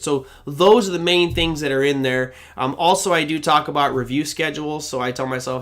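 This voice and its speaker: Talking briskly with hardly any pauses, this middle-aged man runs a live trading Q&A in a slightly high, somewhat bright voice. He keeps it conversational, explaining his methods while reading out viewers' questions.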